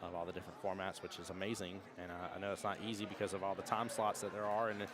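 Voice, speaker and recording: A man's voice: low voice, level tone, very fast. An American man giving chatty, rambling live stream commentary at a pool tournament. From United States. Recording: crowd noise.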